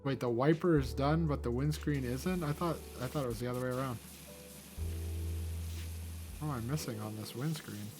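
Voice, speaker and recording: A man's voice: medium pitch, normal speed, pauses often. A young man hosting a gaming channel, rambling casually and cheerfully as he plays. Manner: rambling, chatty, easily amused. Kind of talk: casual let's-play commentary. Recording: game music playing underneath. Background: background game music.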